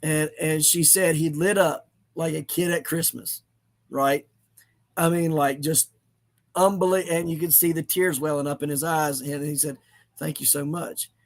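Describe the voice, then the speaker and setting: Man, middle-aged, gravelly voice, fairly high for a man, earnest and halting. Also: fairly even intonation. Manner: earnest, halting, with many restarts. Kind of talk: emotional storytelling in conversation.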